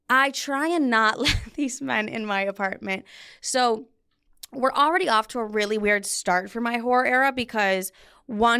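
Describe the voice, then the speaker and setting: A woman's voice: medium pitch, fairly bright tone, smooth. A young woman in her twenties hosting a podcast from a studio, telling a story in a candid, profane, self-mocking way. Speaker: podcast host. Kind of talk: casual storytelling chat. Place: recording studio.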